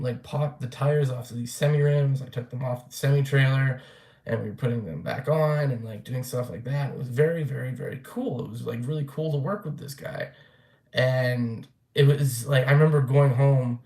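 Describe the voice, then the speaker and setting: A man's voice: medium pitch, a little mellow. Young man, casual vlog rant, blunt and profane, loose rambling delivery, roomy echo. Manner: rambling, blunt, swears freely, many fillers. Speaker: vlogger.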